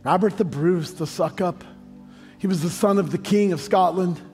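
High-voiced American pastor preaching in a hall. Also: male voice, normal speed, darkish tone. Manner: storytelling, joking asides, rising to sung emphasis. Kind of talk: sermon. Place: large church hall. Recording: long hall reverb, faint music.

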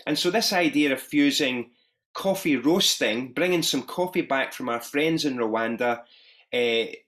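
A man's voice: medium pitch, unhurried, a bit bright. A man from Ayrshire with a Glaswegian accent, a pastor talking in a friendly, self-deprecating way on a video call panel. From Scotland, Ayrshire. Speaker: pastor and social enterprise founder. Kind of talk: conversational talk on an online panel.

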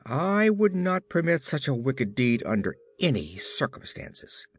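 A man's voice: mid-range voice, big pitch swings, unhurried. A man voicing a stern but tender-hearted male tin emperor in a storybook reading, speaking in earnest, emphatic declarations.

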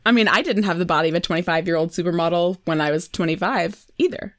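A woman's voice: lowish voice, quick pace, no echo. A woman co-hosting a podcast, chatting casually with wry, dry humor. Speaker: podcast co-host. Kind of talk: casual chat recapping a TV episode.

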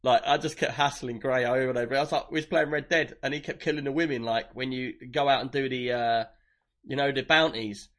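A man's voice: medium pitch, fairly quick. A man, telling a gaming story in casual podcast chat and acting out the other players. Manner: animated storyteller, acts out others.

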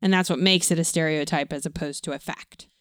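A woman's voice: low-pitched, steady tone, a little fast, smooth, no room sound, clean studio sound. A middle-aged woman co-hosting a casual film discussion as a parent, explaining history and ideas in an informative, patient way. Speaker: co-host, parent.

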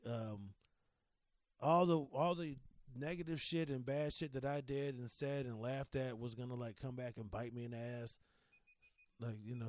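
This is a man in his thirties alone on a relaxed podcast, opening up emotionally about his son, rambling and restarting with an occasional curse into a studio microphone. His medium-pitched voice is a little mellow, and no room sound is heard.

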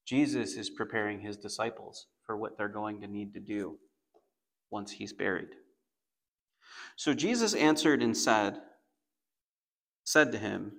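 A man teaching a Bible passage in a conversational sermon, rising into animated bursts as he retells the story. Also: medium pitch, vocal fry. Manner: conversational, animated when voicing Peter.

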